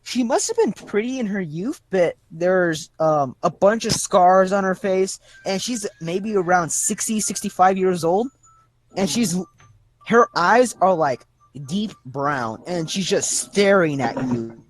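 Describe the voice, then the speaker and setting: A man narrating a tabletop game as game master over a video call, rambling and halting with many fillers. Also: high-pitched, lively intonation.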